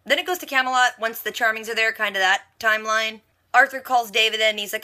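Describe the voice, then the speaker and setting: A woman vlogger giving a casual, animated recap of a TV episode with quick asides. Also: fairly high pitch. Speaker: reaction vlogger.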